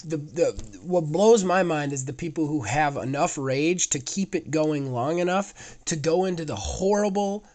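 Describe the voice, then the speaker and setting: Male podcast host, hoarse and raspy from illness, casual rambling delivery with offhand swearing. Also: on the high side, expressive, unhurried, hardly any pauses, a little mellow. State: hoarse, sick voice. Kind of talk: casual gaming podcast chat.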